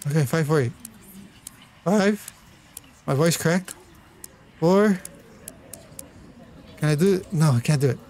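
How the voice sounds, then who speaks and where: A man's voice: a little high, quick pace, few pauses, darkish tone, slight background noise. A man doing let's play commentary on a horror game, jumpy and apologetic, with nervous laughs and a lot of swearing. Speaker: gamer.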